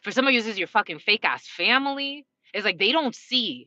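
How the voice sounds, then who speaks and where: A woman with a bright, slightly high voice gives a collective tarot reading in a loose, chatty way. She swears freely and breaks into little laughs as she talks to her viewers. The recording is dry and a touch dull. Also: lively intonation, brisk, no echo. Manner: casual, profane, frequent laughing asides. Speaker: tarot reader.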